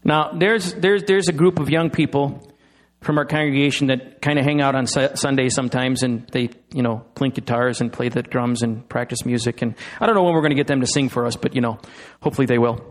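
A middle-aged male pastor preaching a sermon, slowing down for emphasis and pausing dramatically. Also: medium pitch. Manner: dramatic pauses, slowing on key phrases.

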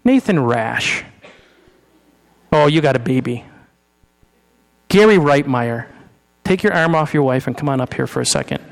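In a church sanctuary with the long reverb of a large hall, a male pastor delivers an informal, conversational sermon with a live demonstration. His medium-pitched voice is animated and measured, with vocal fry and long pauses. He often repeats and restarts words as he talks with his congregation.

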